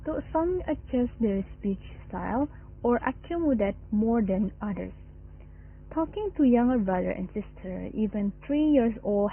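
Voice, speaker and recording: A woman's voice: on the high side, slightly rough. A young woman with an Indonesian accent, reading a class presentation aloud in a careful way. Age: young adult. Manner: careful, read-aloud delivery. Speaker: student presenter. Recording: phone-like narrow sound.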